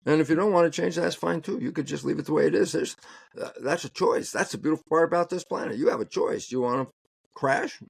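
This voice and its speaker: A man's voice: fairly high pitch, quick pace, creaky, husky. A man speaking as an interview guest and biologist, talking emphatically and often laughing mid-sentence. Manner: emphatic, acts out both sides of dialogues. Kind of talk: animated conversational interview talk.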